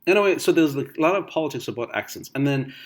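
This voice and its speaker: A man from Uganda, thinking aloud in a casual monologue, full of restarts and fillers, swinging between loud bursts and quiet asides. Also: medium pitch, expressive, fast talker, a little hiss or hum. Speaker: vlogger.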